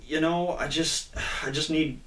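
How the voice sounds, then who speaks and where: A man's voice: on the high side, steady tone, unhurried, fairly bright tone. A man casually retelling a comic book's plot in a rambling way, with lots of fillers and acted-out quotes. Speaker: comic book reviewer, co-host. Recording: echoey room.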